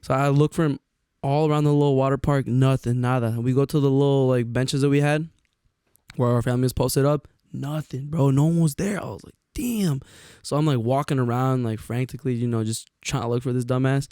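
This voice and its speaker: A young man co-hosting a podcast, telling stories in a casual, profane, animated way and acting out the quotes. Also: medium pitch, a little fast, clear, resonant tone, no echo, clean studio sound. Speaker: podcast co-host. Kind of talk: casual storytelling chat.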